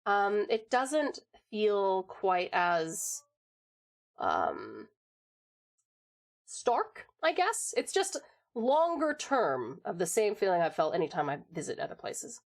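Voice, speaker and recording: A woman's voice: mid-range voice, huge pitch swings, slow. An American woman in casual chat on a livestream from home, rambling and laughing often as she answers chat. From United States.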